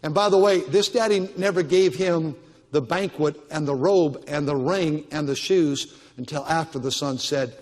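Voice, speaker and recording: A man's voice: a little high, normal speed, darkish tone. An older man preaching a Baptist sermon as pastor, with emphatic, repetitive exhortation. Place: church auditorium. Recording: long church-hall reverb.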